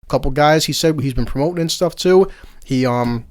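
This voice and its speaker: A man's voice: fairly high pitch, a little fast, no echo, studio quality. A man hosting a casual podcast, ranting heatedly and swearing freely. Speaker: podcast host.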